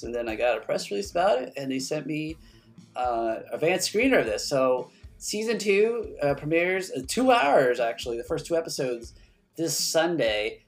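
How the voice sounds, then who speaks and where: A man hosting his own podcast, talking casually and enthusiastically, rambling with many fillers. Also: medium pitch. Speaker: podcast host. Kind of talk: casual solo podcast chat.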